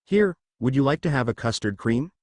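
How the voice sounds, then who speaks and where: An anxious, fussy schoolgirl witch who frets and apologizes, read by a man. The voice swings in pitch and sounds close and dry. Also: animated, a little fast, no room sound, natural voice. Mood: worried. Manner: worried and apologetic.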